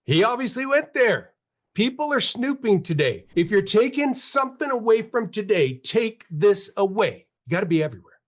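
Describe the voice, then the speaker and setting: High-voiced man in his fifties, emphatic coaching. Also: very animated, normal speed. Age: 50s. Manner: emphatic, repetitive motivational urging. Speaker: marketing webinar host. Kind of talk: live webinar pep talk.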